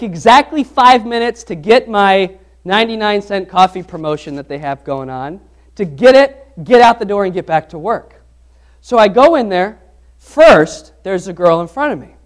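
Speaking to his congregation in a church, a high-voiced male pastor preaches in a chatty, animated way. His sermon includes a funny personal anecdote, and he wanders into everyday stories while restarting his sentences along the way.

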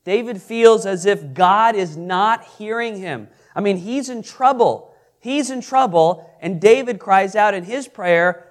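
A man leads a Bible study in a high, earnest voice. He pauses to put questions to the listeners and stumbles over repeated words. When he quotes scripture, his delivery swells with emphasis. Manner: earnest, repeats and restarts, reads scripture aloud with rising emphasis. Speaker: pastor teaching a Bible class. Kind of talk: interactive sermon with questions to the audience.

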